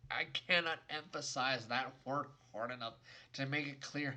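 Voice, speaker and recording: A man's voice: medium pitch, normal speed, sharp tone. A young adult man giving an exasperated, sarcastic, emphatic rant in a video game review.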